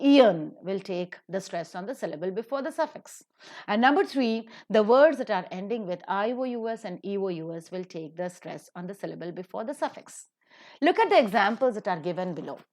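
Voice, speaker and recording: A woman with an Indian English accent lectures on English word stress over a set of slides. Her pitch moves freely as she sets out each rule in turn and repeats the example words slowly. The delivery is patient and methodical throughout. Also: a little mellow. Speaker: English pronunciation teacher.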